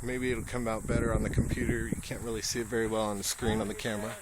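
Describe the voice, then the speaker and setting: A man's voice: lowish voice, little pitch movement, fast talker. A man on a casual vlog, reading inscriptions aloud outdoors with wry asides, recorded on a handheld camera. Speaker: vlogger visiting a monument. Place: outdoors at a rural monument. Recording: noisy outdoor camera audio.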